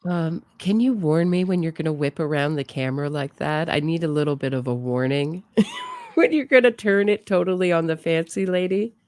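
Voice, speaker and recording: A woman's voice: sits low, normal speed, a little mellow. A woman hosting a true crime show, chatting casually and amused as she reacts to footage. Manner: amused, chatty, laughs often. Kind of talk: casual live-stream reaction commentary.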